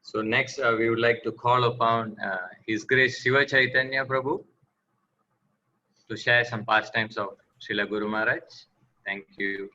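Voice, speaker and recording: A man's voice: medium pitch, steady tone, normal speed, pushed and bright, muffled recording. A man moderating a program, thanking speakers and introducing the next one in a polite, formal way.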